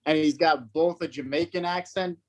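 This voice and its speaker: A man's voice: fairly high pitch, moderate pace, a crowd in the background. A man guesting on a podcast, swearing freely and poking fun at himself with frequent laughs. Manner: profane, self-mocking, laughs often. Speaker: guest comedian. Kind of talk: casual chat.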